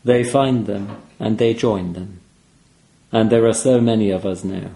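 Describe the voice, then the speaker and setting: A man voicing a calm, sad dead man who speaks quietly and with measured menace. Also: fairly low pitch, gravelly, roomy sound, rough recording. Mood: quietly ominous.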